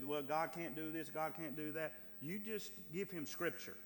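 A man's voice: on the high side, animated, a little fast, few pauses. Man preaching in an echoing hall. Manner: building to emphatic, rising cadence with repeated words. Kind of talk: sermon. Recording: light hum in a reverberant hall.

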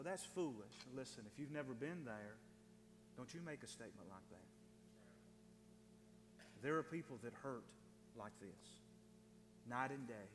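Guy preaching a sermon, fervent, goes loud then real quiet, reverby church hall. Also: medium pitch, slight background noise. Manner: impassioned, swinging from shouts to hushed pleading. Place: church sanctuary.

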